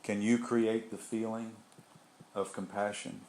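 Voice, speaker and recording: A man's voice: fairly low pitch, level tone, measured pace, darkish tone. A man giving an informal spiritual talk to a group, rambling and conversational with frequent restarts and asides. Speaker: group leader.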